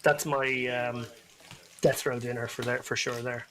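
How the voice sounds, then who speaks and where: A man's voice: mid-range voice, little pitch movement, unhurried, a bit bright, poor audio. A man co-commentating live poker, musing and chatty, often restarting his sentences.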